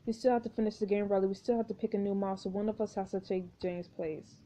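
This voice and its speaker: A woman's voice: medium pitch, flat delivery, fast, mellow, close to an everyday voice. A woman reading a remorseful teen boy. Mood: pleading. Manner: pleading, tearful. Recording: dull lo-fi recording.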